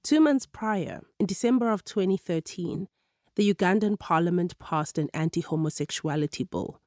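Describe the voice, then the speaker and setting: A woman narrating a radio documentary in a measured, clear storytelling manner. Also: fairly low pitch, darkish tone, no room sound, studio quality.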